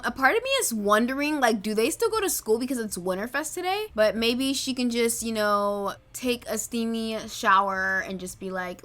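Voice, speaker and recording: Female let's play host, chatty and gossipy, bright tone. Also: medium pitch, expressive, normal speed. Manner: chatty, gossipy, narrating drama. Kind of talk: casual gameplay commentary.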